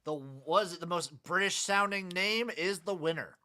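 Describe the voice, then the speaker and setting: Bright-voiced man, deadpan bettor. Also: sits high, clean tone. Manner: dry, deadpan jokes, lists picks quickly. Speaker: podcast co-host. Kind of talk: casual sports betting chat.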